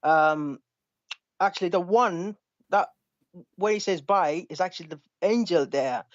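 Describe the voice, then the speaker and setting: A man calling into a live online debate, hesitant and restarting often, asking the other side to slow down. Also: sits high, no room sound, lo-fi sound. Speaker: caller in a debate.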